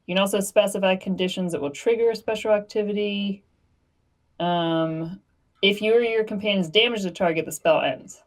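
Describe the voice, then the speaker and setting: A young woman playing a tabletop role-playing game, reading rules quickly with hesitant fillers. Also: mid-range voice. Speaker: player.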